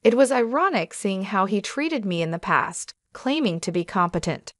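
A woman reading a first-person story aloud in scripted narration, steady and measured. Her voice is mid-pitched and recorded dry and close. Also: dry recording.

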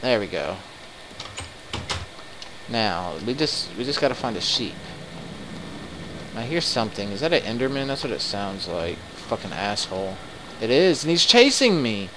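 A man commenting live on his game, excitable and quick to swear in frustrated outbursts. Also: mid-range voice, noisy background. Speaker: let's play gamer.

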